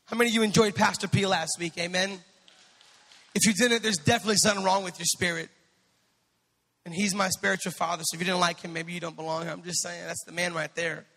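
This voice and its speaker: A male pastor delivers an impassioned sermon in a very high, gravelly voice, building to shouts and tossing quips to his congregation. His bright tone rings out through a long-reverberating church hall. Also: little pitch movement, fast talker. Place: church sanctuary.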